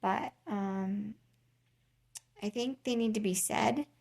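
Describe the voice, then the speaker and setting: A woman speaks straight to her camera in a casual personal vlog, her voice carrying a gravelly, fried edge. She talks at a middling pitch, halting often with ums and restarts as she searches for words. The delivery is earnest and worn, like someone tired and unwell sharing her own experience. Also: a little mellow. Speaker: vlogger.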